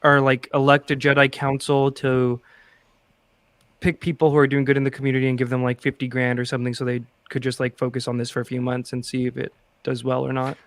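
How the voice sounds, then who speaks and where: Laid-back chatty podcast co-host. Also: male voice, mid-range voice, monotone, brisk, no room sound. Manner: laid-back, chatty, tosses in playful asides. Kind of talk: casual chat.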